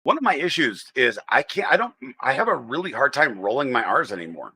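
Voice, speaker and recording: A man's voice: medium pitch, very animated, fairly quick, bright, forceful tone, breathy edge. An American man hosting a casual livestream, chatting in a rambling way and greeting viewers by name. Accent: General American. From United States. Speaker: livestream host.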